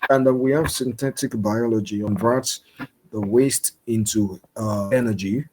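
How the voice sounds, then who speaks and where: A man's voice: lowish voice, fairly even intonation, unhurried, darkish tone, a little hiss or hum. A young man from Nigeria giving an informal science lecture, explaining step by step with many fillers and restarts. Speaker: guest lecturer.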